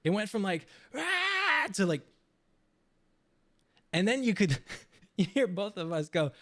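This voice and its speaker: A young man casually telling a story on stream, animated, swearing freely and laughing as he goes. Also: high voice, measured pace.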